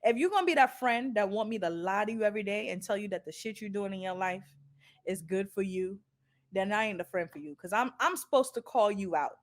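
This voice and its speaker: A woman co-hosting a casual podcast chat, telling stories in an animated, blunt way with frequent laughter. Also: medium pitch, fairly quick. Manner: animated storytelling, laughs a lot, blunt and profane. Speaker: podcast co-host.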